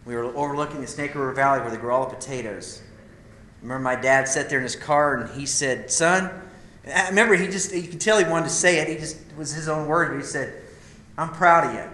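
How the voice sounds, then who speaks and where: A man preaching a sermon, telling a personal story with emotion that swells and drops to near a hush. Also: fairly high pitch, fast talker, reverberant. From Idaho, USA. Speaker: speaker at a men's gathering.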